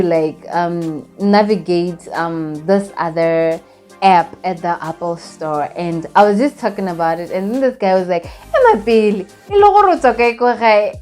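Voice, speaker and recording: A young woman from Botswana recapping a trip in a casual vlog, chatty and animated, with lots of fillers. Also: medium pitch. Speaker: vlogger.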